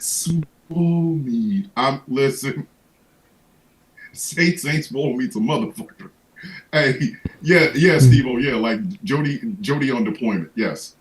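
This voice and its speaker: A man's voice: medium pitch, normal speed, poor audio. A man hosting a livestream, ranting in casual comedic chat with lots of profanity and stammered restarts. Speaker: livestream host.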